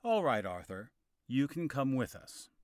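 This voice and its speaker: Man doing calm old Sir Hector. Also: medium pitch, dry recording, clean studio sound. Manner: calm and measured. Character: dignified older knight Sir Hector, a father.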